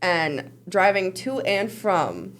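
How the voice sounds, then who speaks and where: A woman's voice: mid-range voice, sing-song, takes it slowly, a bit bright, a little hiss or hum. A woman co-hosting a casual news chat show, chatty with laughing asides. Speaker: co-host.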